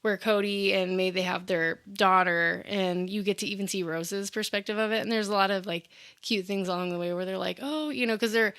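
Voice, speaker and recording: A woman's voice: medium pitch, steady tone, fairly quick, fairly bright tone, smooth. A young woman co-hosting a casual podcast chat, chatty and full of fillers. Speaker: podcast co-host.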